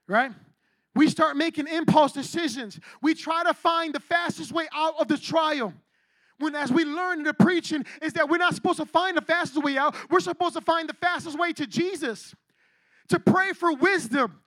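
A man preaching an energetic youth sermon in a slangy, animated way, acting out people's reactions as he goes. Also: very high voice, normal speed, dry recording.

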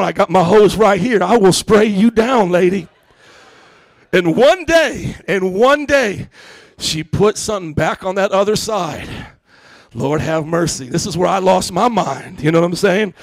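High-voiced pastor telling a lively story. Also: male voice, no room sound. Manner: animated, acts out quotes with shouts; casual slangy church talk. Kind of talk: storytelling sermon.

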